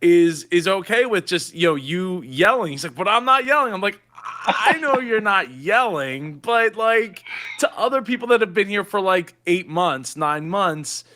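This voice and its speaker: A man's voice: sits high, lively intonation, a little slow, sharp tone. A man talking earnestly in a casual interview chat, acting out quotes in a raised voice.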